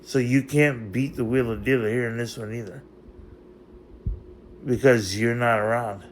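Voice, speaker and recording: In an unscripted vlog monologue, a man confronts someone who isn't there, rambling and emotional, returning to the same phrases over and over. His voice is medium-pitched with fairly even intonation and a measured pace, and there's slight background noise.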